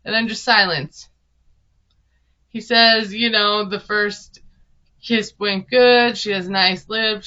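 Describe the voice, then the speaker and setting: A woman from Minnesota, a TV recap vlogger, offers chatty, sarcastic commentary on a reality show and laughs often. Her medium-pitched voice is bright, forceful, clear, and resonant, though the highs are cut off.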